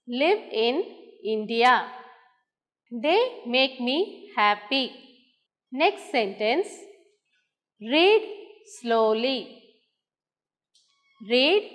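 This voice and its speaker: Slow, deliberate woman teacher with a Tamil English accent. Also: on the high side, sing-song. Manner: very slow and deliberate, dictating examples word by word. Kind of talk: classroom grammar lesson. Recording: roomy hall with long echo.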